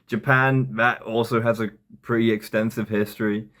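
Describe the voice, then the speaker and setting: A man's voice: fairly low pitch, little pitch movement, normal speed, a bit bright. Sarcastic man doing comedy commentary. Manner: sarcastic, mocking. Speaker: commentary YouTuber.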